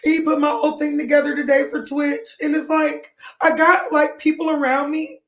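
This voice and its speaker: A woman's voice: high-pitched, steady tone, moderate pace, a bit bright. A young adult woman talking to viewers on a livestream, tearful and crying, rambling and pleading with many apologies. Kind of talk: emotional livestream talk to viewers.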